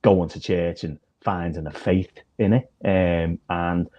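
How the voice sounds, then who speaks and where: A man's voice: sits low, fairly even intonation, takes it slowly, dark tone, lo-fi sound. A man, a minister and comedian, telling rambling, self-deprecating stories in casual chat. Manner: rambling storyteller, self-deprecating, many fillers.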